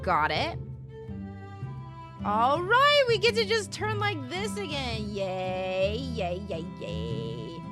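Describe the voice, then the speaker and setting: A woman's voice: on the high side, wildly swooping pitch, slow pace, music in the background. A young woman streaming a video game, giggling and chatting casually as she reacts to it. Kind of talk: casual gameplay commentary.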